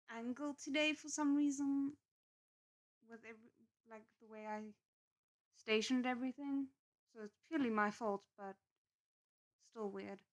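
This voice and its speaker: A woman reads a novel aloud on a live stream, her voice a little high, with chatty, expressive asides between passages. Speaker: novel reader.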